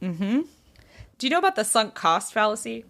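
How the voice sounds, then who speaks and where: A woman's voice: fairly high pitch, normal speed, gravelly. A woman podcast host in casual chat, animatedly retelling a story and acting out what people said, with a lot of "like". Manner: animated retelling, acts out quoted people, frequent "like".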